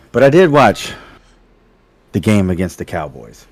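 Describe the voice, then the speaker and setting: A man's voice: deep voice, very animated, takes it slowly, husky, dry recording. A man co-hosting a podcast in casual chat, joking and teasing and laughing often. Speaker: podcast co-host.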